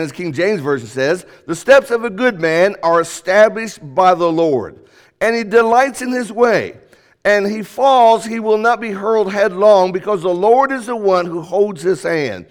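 High-voiced man preaching in a reverberant hall. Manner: emphatic, rising and falling sharply for emphasis. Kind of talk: sermon. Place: church auditorium. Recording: long reverb of a church hall.

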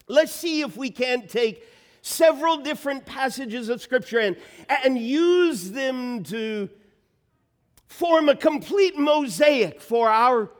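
A man preaching a sermon, reading Scripture and building to emphatic, rising bursts. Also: very high-pitched. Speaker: pastor.

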